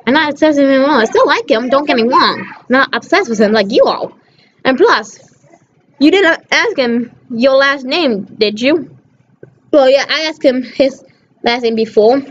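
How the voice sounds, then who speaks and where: High-voiced woman ranting on a dull recording. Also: fairly bright tone. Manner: scolding, profane, repetitive. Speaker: channel host. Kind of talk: rambling rant to the camera.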